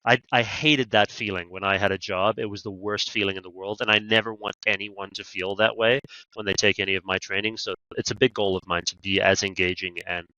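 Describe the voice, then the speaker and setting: Bright-toned Canadian man, animated storyteller. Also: on the low side, a little fast, dry recording, lo-fi sound. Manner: animated storytelling with quoted asides. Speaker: podcast guest, negotiation trainer. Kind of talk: conversational interview.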